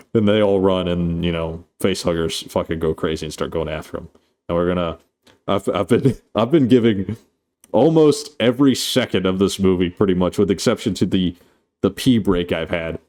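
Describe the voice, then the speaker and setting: A man's voice: low voice, a little mellow. A man casually retelling a movie scene by scene in a rambling, profane way, with frequent filler words and laughter. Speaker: host.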